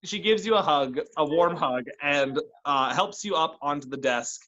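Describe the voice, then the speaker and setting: A man's voice: a little high, lively intonation, moderate pace, pushed and bright, dull audio. A man running a tabletop role-playing game, narrating and chatting casually with his players. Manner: casual, chatty, with restarts and laughs. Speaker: game master.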